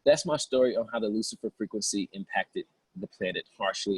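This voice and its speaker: A man's voice: lowish voice, brisk, few pauses, breathy edge, no echo, rough recording. A man giving an impassioned spiritual seminar talk in a casual, colloquial preaching manner, often acting out the voices he quotes.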